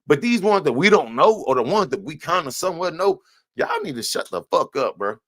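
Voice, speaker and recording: Stream host: fired-up man, swings between loud outbursts and mutters, dry close mic. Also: fairly high pitch, huge pitch swings, fairly quick, dry recording. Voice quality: profane, heated ranting. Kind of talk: casual ranting commentary.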